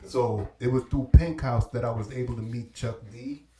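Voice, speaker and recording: A man's voice: medium pitch, fairly even intonation, normal speed, echoey room, noisy background. A middle-aged man with a Belizean-Caribbean accent telling stories in casual street slang, and acting out the people he quotes. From Belize and New York. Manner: laid-back street slang, acts out quoted dialogue. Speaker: guest. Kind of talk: casual storytelling.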